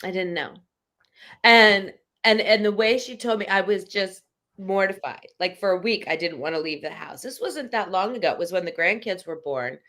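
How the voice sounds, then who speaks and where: A woman in her fifties chats casually with a friend, her voice sitting at a plain middle pitch. She tells stories earnestly and pokes fun at herself along the way. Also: normal speed, a bit bright. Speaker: podcast co-host. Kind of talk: casual chat.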